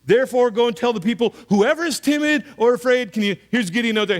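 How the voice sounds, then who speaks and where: A man, preaching a sermon as pastor, telling stories and acting out voices with big swings in pitch and loudness. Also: fast talker, hardly any pauses. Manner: storytelling, acts out voices of soldiers and God, animated swings in pitch and loudness.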